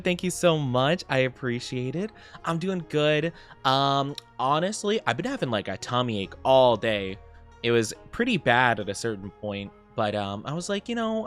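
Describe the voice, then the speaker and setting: A young man chatting casually on a live stream, upbeat and giggly as he greets his chat. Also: mid-range voice.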